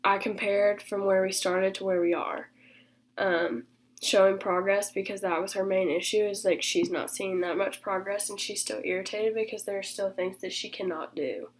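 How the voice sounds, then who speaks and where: A young woman at an ordinary middle pitch talks casually and earnestly. She reflects on her work as a training student, speaking in loose, unpolished sentences full of fillers as she thinks things through. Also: fairly even intonation, moderate pace, a little hiss or hum.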